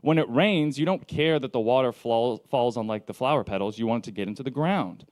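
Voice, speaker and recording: Man, pastor, casual joking sermon, mid-pitched voice, dry close sound. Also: a little fast, no room sound. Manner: casual, joking, storytelling delivery with lively quoted asides.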